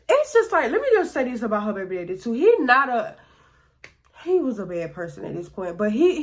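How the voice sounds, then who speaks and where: A woman vlogger telling a story in a rambling, profane, filler-heavy way. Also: medium pitch. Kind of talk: casual storytelling.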